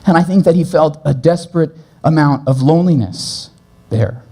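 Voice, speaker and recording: Earnest male pastor with a mellow voice. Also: on the high side. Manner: earnest, shifts between brisk and slow gentle delivery. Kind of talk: sermon. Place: church.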